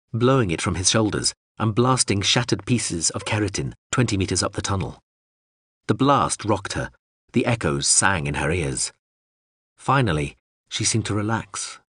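Male audiobook narrator, husky low voice, lively intonation, dry close sound. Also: dry recording.

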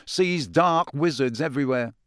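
A man's voice: fairly high pitch, normal speed, a bit bright, clean tone, dry recording, clean studio sound, lightly acted. A man voicing a knowledgeable young adult wizard who explains things in a matter-of-fact way. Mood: explaining.

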